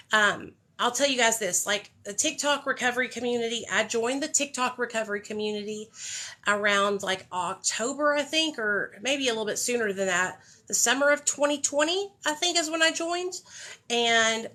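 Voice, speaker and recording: A woman's voice: mid-range voice, sharp tone. A young woman hosting a phone livestream, talking in a heartfelt, candid way and swearing freely. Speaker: livestream host. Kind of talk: casual livestream talk.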